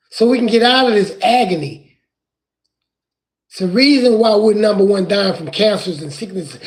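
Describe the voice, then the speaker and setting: Impassioned high-voiced man preaching. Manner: impassioned, rising to crying shouts. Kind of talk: street preaching from scripture.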